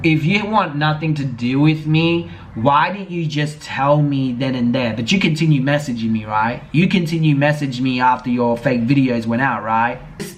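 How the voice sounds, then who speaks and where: A man's voice: medium pitch, a little hiss or hum. A man giving a blunt, indignant commentary vlog, swearing freely as he calls someone out. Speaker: YouTube commentator.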